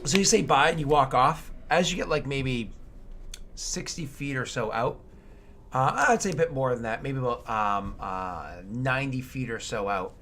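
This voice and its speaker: A man's voice: mid-range voice, expressive, moderate pace, fairly bright tone. A man running a tabletop game as game master, narrating in an easygoing, meandering way.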